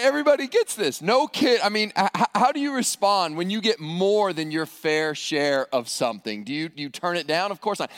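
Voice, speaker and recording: A middle-aged male pastor preaching a sermon, animated, acting out quoted voices and often repeating words as he goes. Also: high-pitched, dry recording, studio quality.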